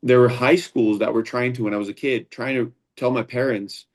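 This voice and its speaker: A man's voice: medium pitch, fairly even intonation, normal speed. A man, a founder and combat sports instructor, talking as a guest in a casual interview, earnest and rambling, with frequent restarts.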